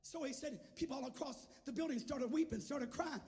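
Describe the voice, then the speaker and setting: High-voiced preacher in echoing church. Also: male voice, brisk. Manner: swings from quiet storytelling to shouted, sing-song preaching. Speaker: guest preacher. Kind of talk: Pentecostal sermon. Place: large church sanctuary. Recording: church hall with long reverb and faint music.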